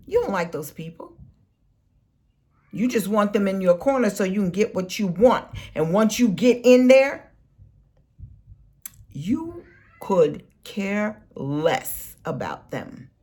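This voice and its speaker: A woman delivering an impassioned, scolding political rant in a vlog, preaching and swinging between soft and loud. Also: medium pitch, lively intonation, takes it slowly, pauses often. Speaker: political commentary vlogger.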